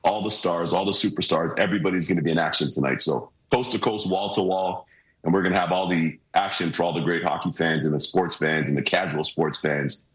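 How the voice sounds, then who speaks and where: A man with a hoarse voice, talking as a guest hockey analyst over a video call, energetic and repeating phrases for emphasis. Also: sits low, brisk, reverberant, low-quality recording. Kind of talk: casual sports talk. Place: remote room, joining by video.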